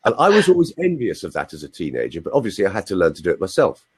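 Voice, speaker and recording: A middle-aged man coaching voice in an animated, demonstrative way during an online interview. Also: sits low, rapid-fire, breathy edge. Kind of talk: live video interview.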